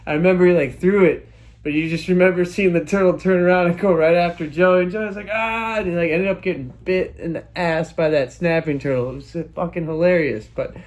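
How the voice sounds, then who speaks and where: A young man telling a childhood story in a casual, animated way, full of sound effects and exclamations. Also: a little high, brisk. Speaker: storytelling vlogger.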